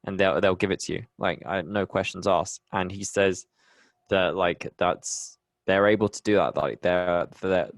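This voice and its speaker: A man's voice: sits low, a little slow, no echo. A young man with a Bristol accent from England, chatting casually as a podcast guest, rambling with many restarts. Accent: English, Bristol. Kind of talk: casual conversation.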